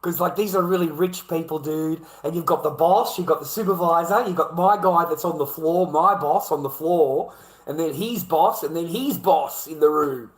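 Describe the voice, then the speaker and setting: A man's voice: on the high side, moderate pace, reverberant, rough recording. A middle-aged Australian man ranting casually to his viewers, swearing heavily and rambling from point to point. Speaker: video creator. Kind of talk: casual rant to camera.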